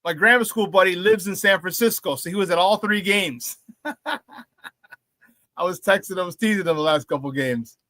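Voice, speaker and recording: A man with a high, bright, sharp voice hosts a live sports talk stream, bursting with hype and shouting catchphrases. He banters with viewers in the chat. The mic is close and dry, with no room sound. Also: normal speed, no room sound. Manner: shouts catchphrases, loud and excitable. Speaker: sports talk show host.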